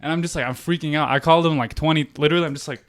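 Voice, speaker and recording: Fast-talking animated young American man. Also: dry recording. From United States. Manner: animated, acts out quotes with big pitch jumps. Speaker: podcast guest. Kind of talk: casual storytelling chat.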